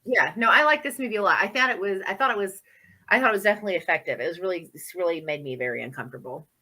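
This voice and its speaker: A horror podcast co-host, a woman, chats casually about movies, laughing often and using lots of fillers. Her voice sits on the low side, with lively intonation, a sharp tone, and a rapid-fire pace.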